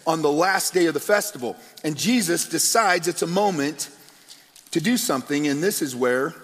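A man preaching a sermon as pastor, telling the story with animated, acted-out quotes. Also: on the high side. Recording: long hall reverb.

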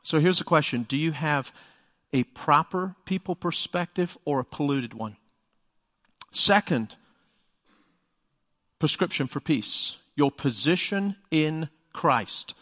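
A middle-aged man preaches with an emphatic, conversational delivery, often turning to the congregation with rhetorical questions. His voice sits a little higher than most men's. The recording carries a long reverb from a church sanctuary. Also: lively intonation, slow pace, long pauses, fairly bright tone. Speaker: pastor. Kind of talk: sermon.

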